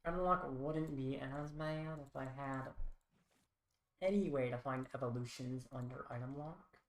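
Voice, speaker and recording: Woman, low voice, unhurried, muttering wry game commentary, roomy echo. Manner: muttering, thinking aloud, wry. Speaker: streamer. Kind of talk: live-stream card game commentary.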